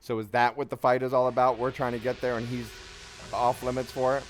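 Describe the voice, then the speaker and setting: A man's voice: medium pitch, level tone, a little fast, faint music behind. A man hosting a gaming channel, giving casual let's-play commentary and thinking aloud.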